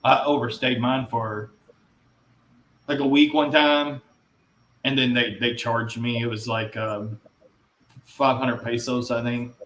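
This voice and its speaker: A man's voice: mid-range voice, level tone, slow pace, long pauses, a bit bright, a little hiss or hum. A man talking as a podcast guest, telling blunt, rambling anecdotes in casual chat. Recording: roomy echo.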